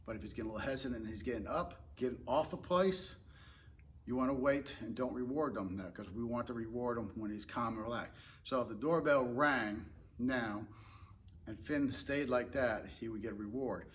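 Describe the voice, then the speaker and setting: A man who trains dogs, talking in a relaxed, rambling way and explaining tips casually with fillers and restarts. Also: mid-range voice, moderate pace, slight background noise. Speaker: dog trainer. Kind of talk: casual instructional talk.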